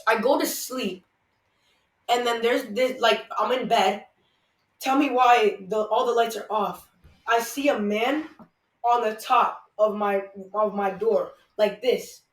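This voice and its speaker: A man's voice: high voice, fairly even intonation, slow. A man hosting a casual podcast, telling a story in a rambling way with lots of "like" and restarts. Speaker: podcast host. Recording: echoey room, far from the mic.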